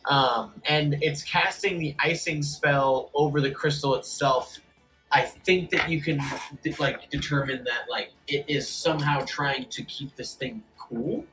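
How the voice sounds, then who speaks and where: A game master narrating a tabletop game, quick and rambling with lots of fillers. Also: mid-range voice, fairly bright tone, faint music behind, poor audio.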